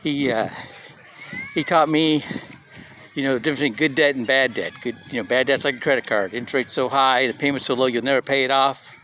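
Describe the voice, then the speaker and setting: A middle-aged man at a community live session speaks fairly quickly in a medium pitch, keeping his intonation fairly even, his tone bright and forceful, with slight background noise. He gives a casual motivational talk, loosely recounting personal stories and often asking "right?".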